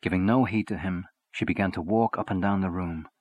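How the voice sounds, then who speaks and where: A man with a fairly low, husky voice narrates a short story. His reading is measured and expressive. The recording is dry and close. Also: no room sound.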